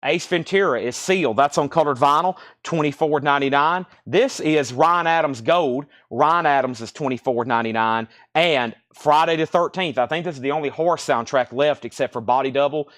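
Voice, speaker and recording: A man hosting a live vinyl record sale, rattling off titles, prices and bids in quick auction patter, a little out of breath. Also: a little high, fairly bright tone. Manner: rapid-fire listing of prices and bids.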